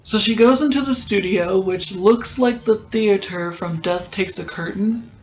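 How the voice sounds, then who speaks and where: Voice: mid-range voice, measured pace, muffled recording, slight background noise. Rambling podcast host recapping an episode. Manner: rambling, many filler ums.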